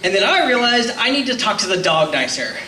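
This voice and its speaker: A man's voice: high voice, sing-song, brisk, very noisy. A man in his twenties doing a stand-up comedy set, hesitant and self-deprecating with many ums. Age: 20s. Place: comedy club stage. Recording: roomy club sound, mic heard from a distance, loud crowd laughter. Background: audience laughing.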